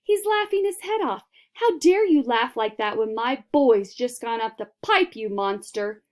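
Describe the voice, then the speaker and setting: A shrill, frantic mother from a children's storybook, put on by a woman reader, shrieking her words sharp and high. She scolds and demands in a bossy, indignant voice. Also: animated, moderate pace. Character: hysterical plump rich mother, shrill and bossy.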